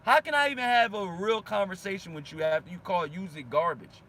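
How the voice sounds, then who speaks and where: A man with a strikingly high voice hosts a boxing channel and argues heatedly with viewer comments. His talk is fired-up and full of slang, and he repeats his points over and over for emphasis. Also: fairly quick, pushed and bright, slight background noise.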